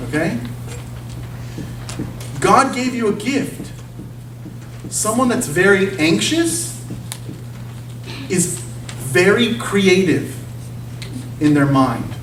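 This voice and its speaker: A man gives a relaxed, conversational talk from the front of a church, his pitch rising and falling freely as he makes his points. He keeps checking in with the room, asking "you see?" and "okay?" The recording sounds distant and echoey, with a faint hiss underneath. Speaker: guest speaker at a church. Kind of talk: informal sermon talk. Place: church sanctuary.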